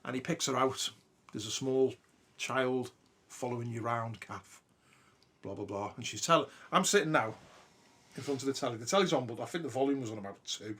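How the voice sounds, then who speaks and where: A man's voice: mid-range voice, brisk, fairly bright tone, slightly rough. A man, hosting a podcast and telling a ghost story in a casual, sweary way. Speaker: podcast host.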